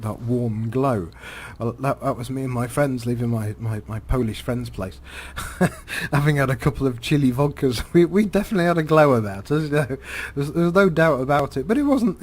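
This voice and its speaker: A man, commentating on a driving game while telling a rambling story, full of fillers and repeated words. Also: medium pitch. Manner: halting, many fillers and repeated words, chuckles.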